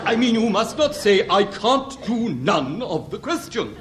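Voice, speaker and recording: A man's voice: sits high, sing-song, a little slow. A man playing a pompous, lecturing headmaster in a 1960s radio sitcom. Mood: exasperated. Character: pompous schoolmaster, middle-aged, easily exasperated. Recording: old radio broadcast with studio audience laughter and hiss.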